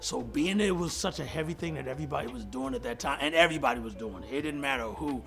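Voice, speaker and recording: Gravelly man telling an animated story. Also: fast talker, music in the background. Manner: acts out quotes in a higher voice, laughs often. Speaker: hip-hop producer telling a studio story. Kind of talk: animated storytelling in an interview clip.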